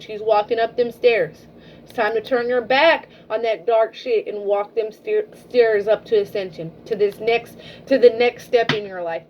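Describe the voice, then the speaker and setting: A woman's voice: fairly high pitch, dull audio, a little hiss or hum. Blunt, foul-mouthed woman reading tarot. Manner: blunt, swears freely, keeps checking in with "okay?". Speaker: tarot reader. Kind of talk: casual tarot reading to camera.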